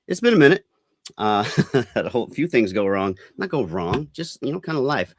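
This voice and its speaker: A man's voice: mid-range voice, big pitch swings, moderate pace, no echo, studio quality. A man hosting a podcast in a casual, earnest, rambling way with many fillers. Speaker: podcast host.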